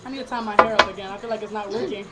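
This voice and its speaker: A young woman chatting fast and giddy into a home webcam, rambling, cursing and laughing, wired on coffee. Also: mid-range voice, a loud crowd, poor audio. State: over-caffeinated. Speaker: vlogger. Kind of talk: hyper casual webcam chat. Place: room at home.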